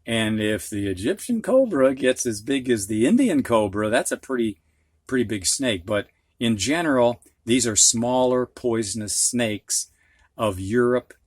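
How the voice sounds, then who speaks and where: A man's voice: medium pitch, lively intonation, a little slow, no room sound, clean studio sound. A man with a Midwestern accent teaching a phonics lesson, patiently explaining words with examples and asides. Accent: Midwestern American. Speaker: reading teacher.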